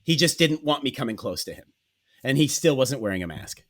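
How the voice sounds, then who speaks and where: Animated storytelling man, lively pitch. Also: a little fast. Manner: profane, animated, acts out dialogue. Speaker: podcast host. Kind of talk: casual comic storytelling.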